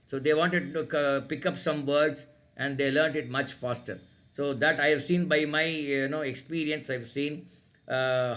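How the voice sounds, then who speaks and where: A man's voice: a little high, a bit bright. Hesitant Indian English man teaching. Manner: hesitant, many fillers and restarts. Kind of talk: online class talk.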